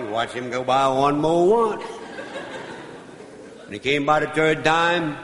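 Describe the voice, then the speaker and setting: A man's voice: on the high side, measured pace, fairly bright tone. A man telling a comic story on stage in a folksy drawl, hollering the punchlines. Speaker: comedian. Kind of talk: storytelling comedy routine. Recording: echoey live recording with faint noise.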